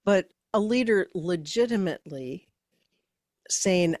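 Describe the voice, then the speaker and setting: A woman's voice: lowish voice, lively intonation, measured pace, a little mellow, no echo, clean studio sound. A woman co-hosting a podcast about leadership, telling coaching stories in a reflective, conversational way. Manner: storytelling, reflective, quotes her own dialogue.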